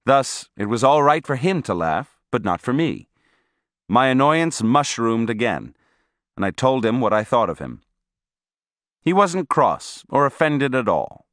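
A man narrating a first-person story in an expressive, scripted reading. His pitch moves a great deal from line to line. The recording is dry and close, with no room sound. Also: unhurried, no echo. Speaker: audiobook narrator.

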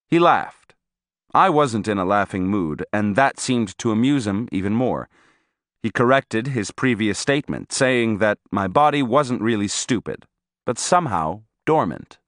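An audiobook narrator gives an expressive, scripted first-person reading, his pitch shifting considerably from one line to the next. The recording is dry and close-miked, with no room sound at all.

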